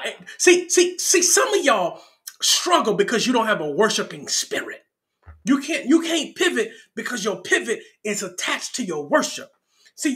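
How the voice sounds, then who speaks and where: A man's voice: high-pitched, sharp tone. A male pastor preaching an impassioned sermon at a church service. He calls out to the congregation, stammers through restarts and breaks into song.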